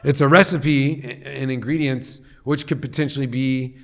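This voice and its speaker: A middle-aged man from Long Beach, California, talking as a guest on an interview podcast in an earnest, animated way. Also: medium pitch, normal speed. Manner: earnest and animated, often acting out what people say. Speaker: guest, head of a nonprofit.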